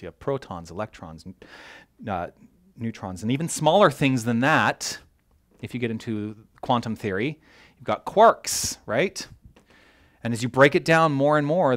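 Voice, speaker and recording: A man preaching a sermon as a minister, animated and joking with his congregation, tripping over his words when excited. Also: mid-range voice. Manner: animated, self-interrupting, jokes with the congregation. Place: church hall.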